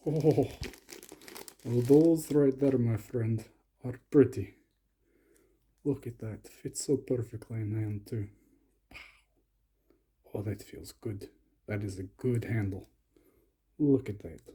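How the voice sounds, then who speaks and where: A man's voice: medium pitch, slow pace, long pauses, mellow, breathy edge. A young man doing playful, comic commentary while unboxing lock picks, sometimes slipping into a mock Russian persona.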